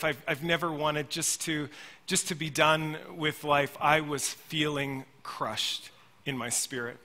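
A middle-aged man preaching a sermon in a church, his voice high and bright as he tells a story earnestly. He calls his listeners friends, and the sound rings with the long reverb of a large hall. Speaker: pastor.

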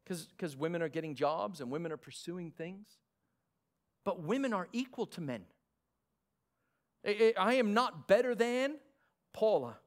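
A male pastor with an Australian accent preaching a sermon, lively with sarcastic asides. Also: high voice, moderate pace.

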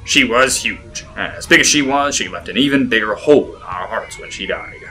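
Guy voicing a dry sarcastic middle-aged cigar-chewer, really bright sharp tone. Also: fairly low pitch, expressive, brisk, a little hiss or hum. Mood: storytelling. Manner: dry, teasing, drawling. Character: wry, sarcastic middle-aged man, cigar-chewing storyteller.

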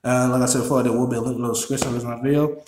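A man hosting a reaction video who talks excitably, swears a lot and repeats himself. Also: medium pitch, rapid-fire, echoey room. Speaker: YouTube reaction host. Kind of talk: casual reaction commentary.

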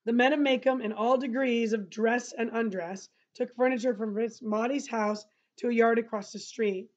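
A woman teacher reading a novel aloud and pausing to explain passages to her listeners. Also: fairly high pitch, fairly even intonation. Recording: dull lo-fi recording.

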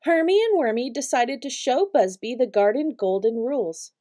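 A woman reading a picture book aloud to preschool children, with expressive storytelling. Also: a little high, normal speed. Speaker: storytime reader.

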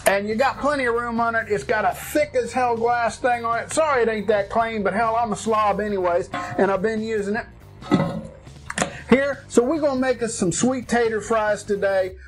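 A man's voice: extremely high pitch, normal speed, faint music behind. A man hosting his own home cooking show, talking in a folksy, jokey, colloquial way. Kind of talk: casual cooking demo.

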